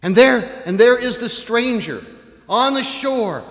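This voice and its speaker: A man preaching a sermon, retelling a story with animated, dramatic delivery. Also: very high-pitched, takes it slowly. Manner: animated storytelling, acts out voices, rises to shouts. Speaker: pastor. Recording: long reverb in a large hall.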